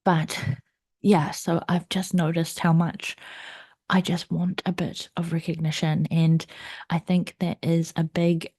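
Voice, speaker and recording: A young adult woman hosting her own podcast, talking candidly and at length about her week, with restarts and soft laughs. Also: lowish voice, little pitch movement, a little slow, breathy edge, no echo, studio quality. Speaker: podcast host. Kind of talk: personal confessional monologue.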